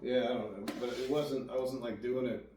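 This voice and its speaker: A young man telling his recovery story as a guest rambles casually and profanely at a moderate pace, his voice medium-pitched. He acts out what others said to him in lively voices, captured in an echoey room on a distant mic with faint background noise.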